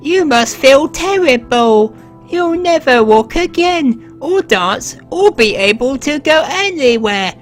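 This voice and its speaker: A man voicing a small child with a sing-song, drawn-out manner, during a let's play. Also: very high-pitched, lively intonation, soft background music, voice pushed up, heavily acted. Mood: mock-pitying. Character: small chirpy child fretting over a broken doll.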